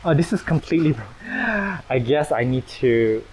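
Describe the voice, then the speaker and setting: A man's voice: mid-range voice, fairly quick, warm tone, slight background noise, low-quality recording. A man hosting a casual walkthrough of his plant collection, chatty and self-deprecating, laughing often as he moves among the plants. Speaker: plant channel host. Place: indoor plant collection and nursery.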